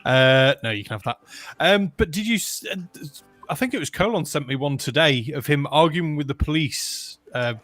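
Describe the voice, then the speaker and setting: Higher-voiced man telling stories dryly. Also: normal speed, dry recording, soft background music. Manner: animated storyteller who acts out quotes. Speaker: podcast co-host. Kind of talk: casual chat.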